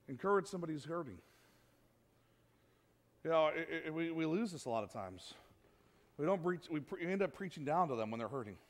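Guy pastor preaching in church, pretty high voice, chatty and lively, acts out little quotes. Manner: conversational, animated preaching with acted-out quotes. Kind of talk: sermon.

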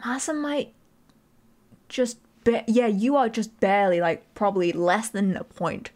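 Woman game streamer, casual, animated intonation, self-correcting. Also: mid-range voice. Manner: chatty, quick self-corrections. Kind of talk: casual live-stream chat.

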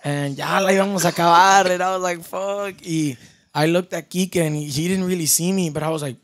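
Young man, slightly high voice, relaxed swearing storyteller, Spanish-English mix. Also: fast. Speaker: podcast guest, band member. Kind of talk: casual storytelling.

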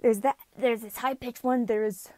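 A woman's voice: fairly high pitch, steady tone, moderate pace, dark tone, dry recording. A woman chatting casually between takes as a fan voice actor, apologetic and self-deprecating, rambling as she goes. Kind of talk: casual recording-session chatter.

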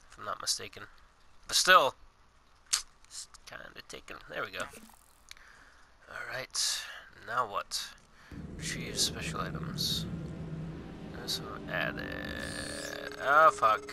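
A man's voice: fairly low pitch, sing-song, takes it slowly, vocal fry, long pauses, pushed and bright, a little hiss or hum. A young man casually commenting while he plays a video game, swearing often and joking to himself. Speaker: gaming channel host. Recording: game music playing behind.

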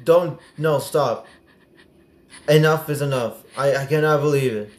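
A young man commentating a horror game as he plays, excitable and prone to sudden yelps and swearing. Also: fairly high pitch, unhurried, roomy sound. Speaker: gaming streamer. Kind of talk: gameplay commentary.

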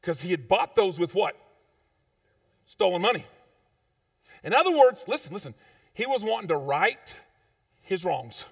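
Animated preaching pastor, man. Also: a little slow, long pauses, breathy edge, no room sound, clean studio sound, recorded from a distance. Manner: preaches in a conversational, informal way with slang; swings between loud emphatic peaks and low quiet asides. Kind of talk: sermon. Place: church sanctuary.

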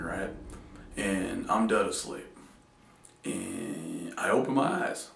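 A man's voice: fairly low pitch, unhurried, vocal fry, fairly bright tone, soft background music. A man talking casually to camera, telling a funny story in a loose, joking way. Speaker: vlogger. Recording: echoey room, distant mic.

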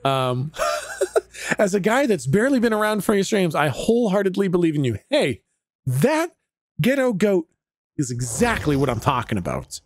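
A man's voice: high voice, very animated, moderate pace, dry recording. A Canadian man casually chatting with his viewers while streaming a game, laid-back and chatty, with frequent laughs and some swearing.

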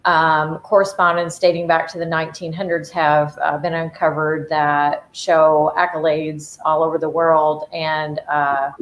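A woman presenting a whiskey in a measured way with frequent fillers. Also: low voice, flat delivery, roomy sound, low-quality recording. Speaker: bourbon steward and guest presenter.

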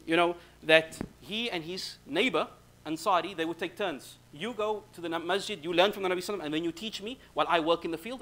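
Fast lively male lecturer in a mosque. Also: fairly high pitch, a little hiss or hum. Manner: lively storyteller acting out quoted speech. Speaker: imam giving a lecture. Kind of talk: Ramadan lecture, storytelling.

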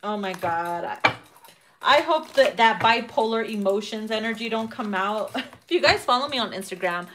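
A woman's voice: on the high side, expressive, moderate pace, fairly bright tone, slight background noise. A woman giving a casual tarot reading who swears freely, laughs often and acts out quotes. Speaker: tarot reader.

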